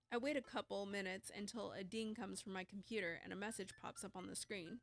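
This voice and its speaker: A woman's voice: medium pitch, fairly quick, vocal fry, hardly any pauses, faint music behind. A woman streamer reading a dating game aloud with playful, wry asides.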